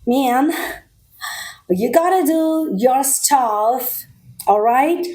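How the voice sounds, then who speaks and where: A woman's voice: high voice, expressive, drawn-out words, mellow, slight background noise. Reassuring woman giving a tarot reading. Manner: reassuring, direct, frequent "okay?" check-ins. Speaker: tarot reader.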